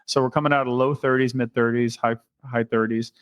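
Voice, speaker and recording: A man's voice: mid-range voice, flat delivery, a little fast, dry recording. A man co-hosting a podcast in casual chat, chatty and enthusiastic, joking as he goes. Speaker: podcast co-host.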